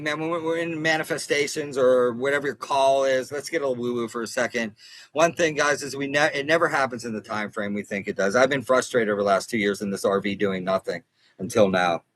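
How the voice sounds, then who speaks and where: A man's voice: medium pitch, a bit bright, no room sound, low-quality recording. A man hosting a casual livestream from inside an RV, talking earnestly to viewers in a rambling way, repeating and restarting phrases. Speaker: livestream host and consumer advocate.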